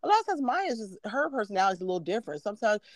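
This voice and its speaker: A woman's voice: mid-range voice, sing-song, very fast, no echo. Earnest middle-aged woman, dry sound. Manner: earnest, many "you know" fillers, laughs easily. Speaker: podcast co-host and mother. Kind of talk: casual podcast chat.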